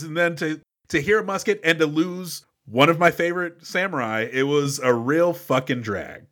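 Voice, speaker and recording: A man co-hosts a podcast, recapping a movie on a close mic with enthusiastic, profane storytelling. His fairly high, slightly bright voice moves at a moderate pace with hardly any pauses.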